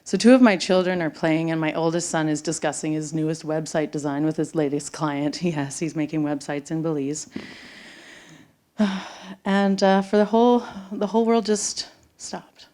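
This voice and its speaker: A middle-aged woman telling a personal story live on stage to an audience, dramatic and swinging from loud bursts to hushed whispers. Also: sits low, moderate pace. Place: theater stage before an audience.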